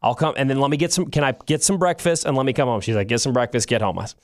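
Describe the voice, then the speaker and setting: A man's voice: medium pitch, expressive, very fast. A man co-hosting a podcast, telling a long story in a casual, rambling way and correcting himself as he goes. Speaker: podcast co-host.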